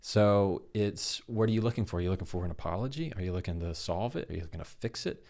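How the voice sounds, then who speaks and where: A man's voice: low voice, quick pace. A man, a podcast guest, explaining how to handle difficult conversations and acting out bits of dialogue as he goes. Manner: animated, acts out dialogue in quoted voices. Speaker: guest, communication expert. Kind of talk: conversational explanation with acted examples.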